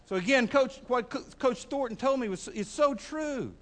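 A middle-aged pastor preaching a sermon in a folksy, stammering way that builds to loud, emphatic peaks. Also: male voice, very high voice, lively intonation, moderate pace.

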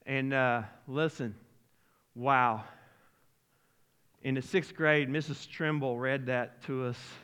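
A man preaching a sermon as pastor, with a folksy, animated, emotional delivery full of restarts. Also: medium pitch, takes it slowly, pauses often, smooth. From Arkansas-Oklahoma region.

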